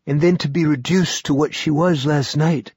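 A man voicing a distraught, husky-voiced wife. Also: on the high side, steady tone, moderate pace, darkish tone, no echo, pitched above the performer's own voice. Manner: distraught, strained, firm. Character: grieving exhausted woman, wife and mother.

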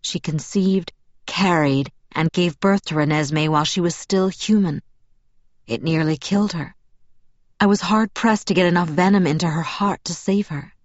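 Woman reading as a male vampire, smooth velvet voice, measured and firm, low-pitched, dull dry recording. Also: dry recording, lightly acted. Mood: persuasive. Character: calm, persuasive male vampire, young-seeming.

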